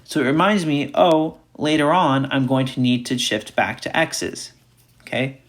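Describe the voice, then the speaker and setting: A man's voice: medium pitch, fairly even intonation, measured pace. A man teaching a recorded math lecture, talking through each step aloud and repeating key points. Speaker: math instructor.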